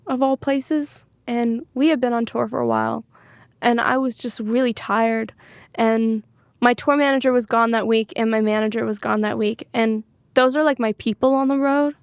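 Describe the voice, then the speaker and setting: A woman with a fairly high voice talks candidly as an interview guest. She rambles openly and leans on filler words. The sound is close and dry, with no room echo. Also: fairly even intonation, moderate pace. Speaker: singer-songwriter guest.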